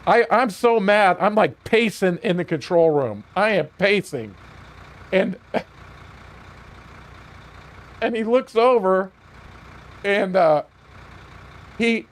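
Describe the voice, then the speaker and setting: High-voiced man ranting with curses. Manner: profane, heated, laughing retelling. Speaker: video game streamer. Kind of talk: casual storytelling during a game stream.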